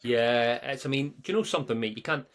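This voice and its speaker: A man's voice: mid-range voice, lively intonation, quick pace, a bit bright. A young Scottish man co-hosting a live football podcast, chatting casually and animatedly, laughing often and mimicking players and pundits. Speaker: podcast co-host.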